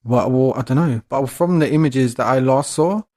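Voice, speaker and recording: A man's voice: mid-range voice, moderate pace, darkish tone. A young man, co-hosting a podcast in casual chat, blunt and profane as he rants about the news. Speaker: podcast co-host.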